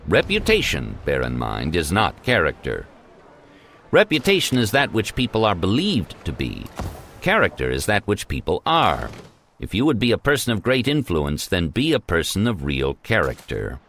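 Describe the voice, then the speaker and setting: Man reading with low, animated emphasis. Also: normal speed, a little hiss or hum. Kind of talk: reading an old self-help text aloud.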